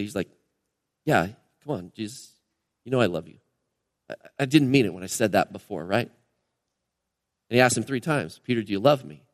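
A male pastor preaching a sermon in a conversational, animated way, acting out quotes as he tells stories. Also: a little high, in a large hall. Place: church sanctuary.

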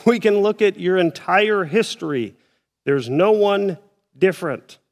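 Conversational pastor preaching in a reverberant church. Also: male voice, sits high, animated, unhurried. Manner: conversational, acting out listeners' doubts. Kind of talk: sermon. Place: church auditorium.

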